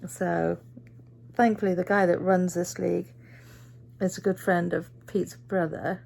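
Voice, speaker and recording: Brief: middle-aged woman, weary and chatty, slightly low voice with gravelly fry. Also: little pitch movement, measured pace, darkish tone. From Britain. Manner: chatty storyteller, acts out quoted voices. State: tired. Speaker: vlogger. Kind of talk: casual end-of-day vlog chat.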